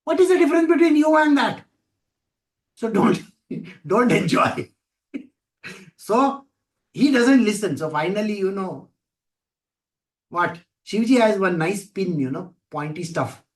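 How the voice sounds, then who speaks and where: A high-pitched man teaching a scripture class, telling a story with animated acted-out voices. He keeps asking his listeners questions. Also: measured pace, pauses often. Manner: animated storytelling, acting out voices of people and gods. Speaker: spiritual teacher.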